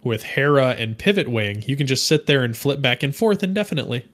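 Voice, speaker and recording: A man's voice: medium pitch, animated, fairly quick, fairly bright tone. Matter-of-fact man explaining game rules. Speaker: podcast co-host. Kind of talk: casual podcast discussion.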